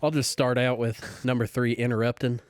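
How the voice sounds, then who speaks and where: A man's voice: mid-range voice, level tone, clear, resonant tone, no room sound, close to an everyday voice. A man doing a put-on Carolina Southern accent as a prim, churchgoing Southern man, using homespun sayings. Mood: folksy preachy. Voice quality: slow drawl, homespun sayings. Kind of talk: podcast game bit.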